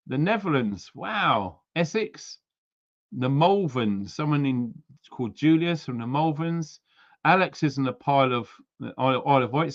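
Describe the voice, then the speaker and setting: A man chatting on a livestream, reading out viewer names and where they are from. He talks loosely, with plenty of ums and little asides. The sound is slightly dull, like lo-fi stream audio. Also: medium pitch. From United Kingdom. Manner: chatty, reads viewer names and places aloud, frequent ums. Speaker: livestream host. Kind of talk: casual livestream chat.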